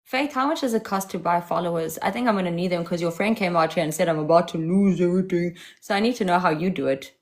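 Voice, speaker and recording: A woman's voice: fairly low pitch, fast. A woman from South Africa with a South African accent, hosting a live stream, talking to callers in a sassy, taunting way. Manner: sassy, taunting, switching voices. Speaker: livestream host.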